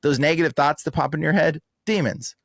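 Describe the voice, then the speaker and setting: Man ranting fast and emphatic, says bro a lot, dry close-up sound. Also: a little high, gravelly, dry recording. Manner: animated, emphatic, slangy with frequent "bro" and "like". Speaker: exorcist guest. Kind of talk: casual podcast interview.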